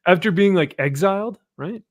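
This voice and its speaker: Animated man hosting a comic chat. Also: high-pitched, moderate pace. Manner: laughs often, animated when reading fan comments. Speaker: host. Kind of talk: casual chat.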